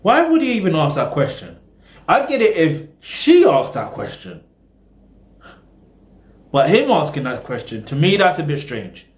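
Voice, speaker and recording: A man's voice: fairly high pitch, very animated, unhurried, long pauses, echoey room. A man hosting a reaction video, rambling casually in slang and talking straight to his viewers.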